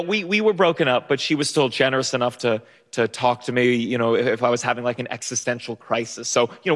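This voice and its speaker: A young man telling a self-mocking story live on a theater stage, animated and jumping into loud outbursts. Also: mid-range voice. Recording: long hall reverb.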